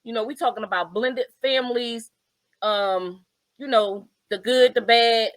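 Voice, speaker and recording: A woman co-hosting a casual family talk show, telling a story with lively put-on voices for her relatives, speaking over a video call. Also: fairly high pitch, unhurried, no room sound, studio quality. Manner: animated, acts out family members' voices while telling a story. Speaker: podcast co-host. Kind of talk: casual storytelling among siblings.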